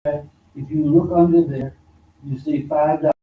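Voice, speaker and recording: A man teaching an informal religious study class at a mosque, talking slowly and conversationally and repeating words for emphasis. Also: a little high, fairly even intonation, phone-quality sound. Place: mosque hall. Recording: echoey hall, distant mic, faint noise.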